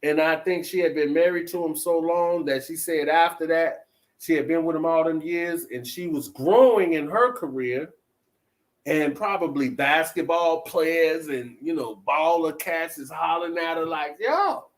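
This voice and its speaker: A man's voice: fairly high pitch, moderate pace, low-quality recording. A man hosting a talk show, chatting casually and putting questions to his listeners. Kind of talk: casual commentary.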